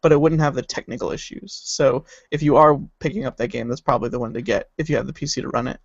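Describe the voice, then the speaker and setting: A man's voice: mid-range voice, steady tone, quick pace, gravelly, breathy edge, no echo, highs cut off. A man co-hosting a casual podcast who chats eagerly and trails off while searching for things. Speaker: podcast co-host. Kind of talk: casual chat.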